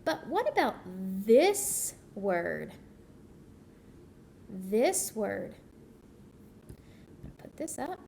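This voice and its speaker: Teacher lady doing phonics for little kids, talks real slow, bit of hiss behind. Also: mid-range voice, big pitch swings, vocal fry, dark tone. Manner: slow, patient, sounding out word parts. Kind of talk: online phonics lesson for young kids.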